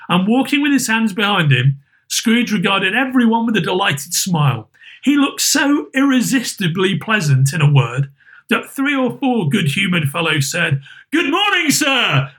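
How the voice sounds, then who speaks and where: Male reader for a classic tale, slightly higher voice, expressive delivery. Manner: expressive, varied pacing. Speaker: narrator. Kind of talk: dramatic storybook reading.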